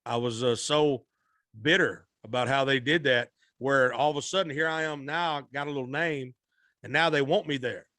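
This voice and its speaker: A man's voice: medium pitch, steady tone, moderate pace, pushed and bright, dry recording, clean studio sound. A man, a musician guest telling a rambling, folksy story in a podcast interview. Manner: rambling, repeats and restarts, Southern-style folksy speech.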